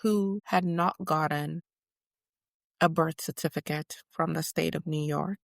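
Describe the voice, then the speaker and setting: A woman playing an older female activist who looks back on her prison years in a first-person interview, telling it with emphatic, measured storytelling. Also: low voice, steady tone, vocal fry, dry recording, studio quality. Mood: reflective. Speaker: guest portrayed in interview.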